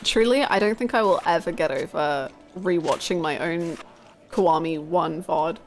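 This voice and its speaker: A young British woman streaming a game and chatting with viewers, telling stories in an animated, laughing way. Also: lowish voice, moderate pace, soft background music. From United Kingdom. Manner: animated, laughing storytelling, reading chat aloud. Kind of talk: casual live-stream chat with viewers.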